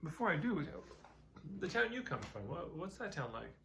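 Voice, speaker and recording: Wry, welcoming old man in a told parable, voiced by a male speaker, gravelly. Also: a little high, big pitch swings, normal speed, noisy background, voice pushed up. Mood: friendly.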